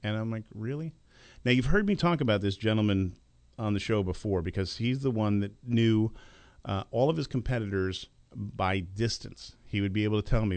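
A man's voice: on the low side, lively intonation, a little fast, a little mellow, dry recording. A middle-aged man hosting a business talk radio show, giving an emphatic, lecturing monologue into a studio microphone.

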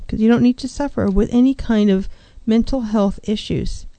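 A woman's voice: medium pitch, warm tone, no room sound. A middle-aged woman, a licensed counselor hosting a show, giving earnest advice and acting out clients' voices. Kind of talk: talk show monologue.

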